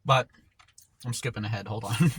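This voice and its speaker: A man's voice: on the low side, moderate pace, a bit bright, breathy edge. Laid-back rambling man storyteller. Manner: rambling, laid-back slang-heavy retelling with frequent trailing off. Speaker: mukbang vlogger. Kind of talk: casual storytelling while eating.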